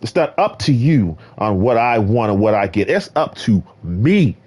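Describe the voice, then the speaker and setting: Guy streaming, bragging and preaching at chat, rambling, soft carpeted room. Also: lowish voice, very animated, moderate pace. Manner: boastful, preachy, talks to viewers directly. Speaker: gaming streamer. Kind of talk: rambling solo stream talk. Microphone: desk mic in a carpeted room.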